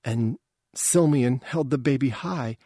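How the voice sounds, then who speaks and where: A man reading a science fiction story aloud in a slow, measured way. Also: mid-range voice, mellow, slightly rough, dry recording, clean studio sound. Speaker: narrator. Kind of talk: audiobook reading.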